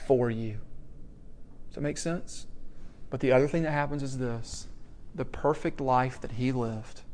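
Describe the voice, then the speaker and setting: Guy giving a sermon, tells stories, goes quiet then loud, little asides to the crowd. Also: mid-range voice, a little hiss or hum. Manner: storytelling with asides to the audience, swings from hushed to loud. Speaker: preacher.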